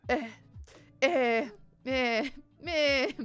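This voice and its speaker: A woman's voice: sits high, drawn-out words, fairly bright tone, smooth, faint music behind. A woman live streamer chatting casually to her viewers. She is overwhelmed and teary, sighing and laughing as she thanks them. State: teary and shaky from crying.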